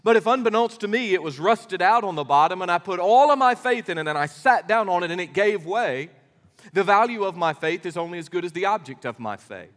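A middle-aged pastor delivers a sermon in a high, lifted voice, folksy and emphatic as he tells his stories. The sound carries a long reverb from a church sanctuary. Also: a little fast. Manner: animated storytelling preacher, folksy and emphatic.

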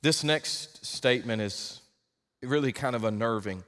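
A male pastor delivering an emphatic sermon, rising to loud exhortation. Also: medium pitch, a little slow, big-room sound.

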